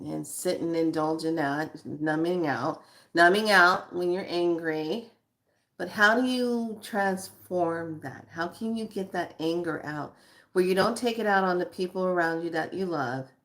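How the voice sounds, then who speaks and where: A woman giving a guided spiritual card reading, slow and reflective, repeating her questions to the listener. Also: lowish voice.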